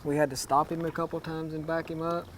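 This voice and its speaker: A man's voice: on the high side, flat delivery, fast talker, very noisy. A man coaching a rider through cutting-horse runs in an outdoor arena, calling out short, repeated commands.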